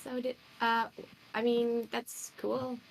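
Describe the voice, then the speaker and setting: A woman's voice: fairly high pitch, flat delivery, slow pace, gravelly, a little hiss or hum, low-quality recording. A woman playing a character in a tabletop roleplay, laid-back and answering with short reactions. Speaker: tabletop player. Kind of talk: casual roleplay chat.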